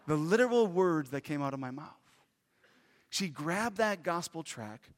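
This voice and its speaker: Male preacher, earnest and animated, a touch high, reverberant sanctuary sound. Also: a little slow. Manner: earnest, animated storytelling with questions to the congregation. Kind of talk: sermon with personal story. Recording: long reverb of a large hall.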